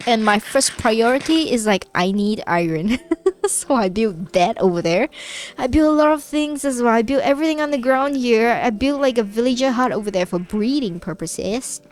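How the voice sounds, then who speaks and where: A woman's voice: fairly high pitch, animated, normal speed, faint music behind. A woman casually chatting to herself and her viewers while she plays a game, playful and talking to the animals on screen. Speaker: streamer. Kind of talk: casual gameplay commentary.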